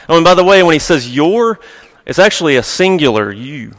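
This male pastor's voice sits a little high and bright, with a sing-song lilt and a slightly quick pace. His sermon unfolds like a casual story punctuated by soft laughs, captured in a church sanctuary with the long echo of a big hall.

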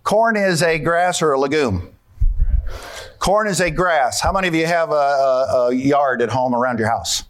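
A man's voice: fairly high pitch, moderate pace. A man giving a folksy conference talk on farming, asking the audience questions and walking through his slides.

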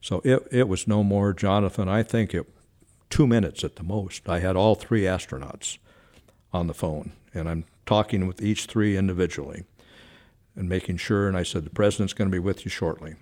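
A man's voice: low voice, moderate pace, a little mellow. An older man, once a White House switchboard operator, tells anecdotes in an interview in a chatty way, often correcting himself. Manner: chatty, frequent self-corrections and fillers.

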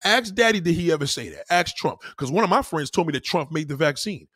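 A man streaming live, ranting loudly and insulting his chat with heavy profanity, repeating his questions and mocking commenters. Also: on the high side, lively intonation, brisk, slightly rough, no room sound, studio quality. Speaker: livestreamer reading chat comments. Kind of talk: angry profane live rant.

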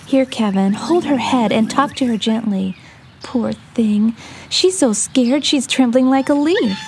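A middle-aged woman playing a caring, patient mother who gently teaches her son, in a radio drama. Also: a little high, unhurried, slight background noise.

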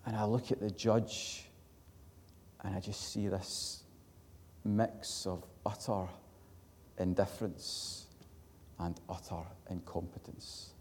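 A Scottish man preaching a sermon, telling an earnest personal story that swells to loud emphatic peaks and sinks back to quiet. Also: sits low, steady tone, slow, long pauses, a little hiss or hum. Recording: long hall reverb.

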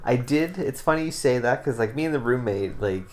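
A man's voice: medium pitch, expressive, brisk, darkish tone, a little hiss or hum. A man chatting casually with friends, rambling with lots of fillers and swearing. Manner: rambling, profane, full of fillers. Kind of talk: casual podcast chat.

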